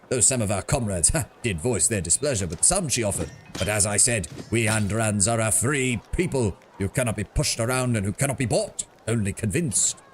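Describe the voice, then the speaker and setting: A man's voice: fairly low pitch, close to an everyday voice. A man voicing a pompous, chatty male mercenary captain in a put-on British accent, reading game dialogue aloud. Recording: music playing behind.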